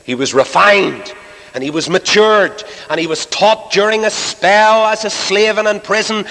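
Dramatic preacher in a reverberant hall. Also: male voice, high voice, a little slow. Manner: dramatic, acts out biblical voices, swings between loud and hushed. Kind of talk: sermon.

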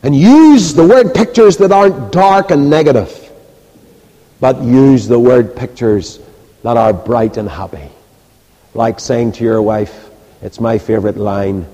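Emphatic preacher man in an echoing hall. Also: a little slow. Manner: emphatic rhetorical preaching, dropping soft and low in prayer. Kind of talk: sermon and closing prayer. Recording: reverberant hall.

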